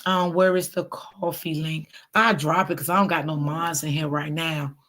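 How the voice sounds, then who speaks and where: A middle-aged woman hosting a casual livestream, chatting warmly and reading out viewer comments. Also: low-pitched, fairly even intonation, moderate pace. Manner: chatty, talks straight to viewers. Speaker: livestream host.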